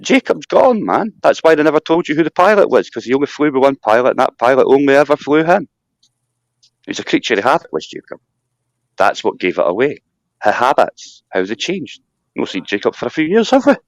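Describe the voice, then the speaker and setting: Scottish male host, rambling and animated, pitch jumps all over, dry close sound. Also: fairly quick, no room sound. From Scotland. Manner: animated rambling rant with mocking asides. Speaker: live stream host. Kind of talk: casual chat.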